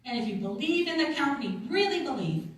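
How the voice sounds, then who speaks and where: A woman's voice: high-pitched, big pitch swings, fast talker, slight background noise. A woman giving a casual, chatty motivational talk to a room at a retreat, laughing often and acting out little quotes. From Canada. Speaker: sales consultant speaking at a retreat. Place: conference room. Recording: echoey hall, mic from far off.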